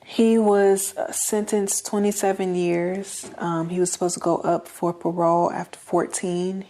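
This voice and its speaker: A woman's voice: fairly low pitch, little pitch movement, measured pace, mellow. A woman, a guest in an interview, earnestly telling her life story and acting out the voices of the people in it. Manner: earnest, acts out quoted dialogue.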